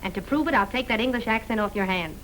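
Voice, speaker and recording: An actress playing a brassy, wisecracking nightclub singer, in a 1930s film comedy. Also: female voice, mid-range voice, fairly bright tone, a little hiss or hum, natural voice, poor audio. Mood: sassy. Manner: brassy, sassy, quick-witted.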